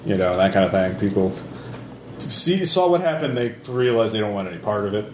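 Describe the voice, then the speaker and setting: Low-voiced man running a tabletop game. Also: quick pace, a little mellow, reverberant, slight background noise. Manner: rambling, many fillers and restarts. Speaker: game master.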